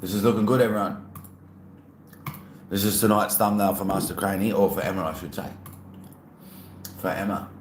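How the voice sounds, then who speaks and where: Deep-voiced man chatting on stream. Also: fairly even intonation, moderate pace, pauses often. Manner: chatty, reads chat aloud, playful. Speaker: livestreamer. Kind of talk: casual live-stream chat. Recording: echoey room, faint ambient noise.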